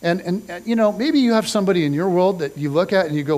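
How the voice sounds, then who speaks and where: A middle-aged man preaching a sermon in a casual, conversational storytelling style, acting out the people in his story with lively slang. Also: high-pitched, quick pace, few pauses. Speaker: pastor. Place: church stage.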